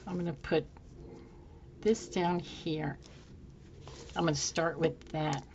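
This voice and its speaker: A woman hosting a craft tutorial, musing softly to herself as she works, her voice a little hoarse. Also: low voice, steady tone, slow, dull audio, a little hiss or hum. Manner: soft-spoken, musing aloud while working. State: slightly hoarse, losing her voice. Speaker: craft channel host. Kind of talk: casual craft tutorial chat.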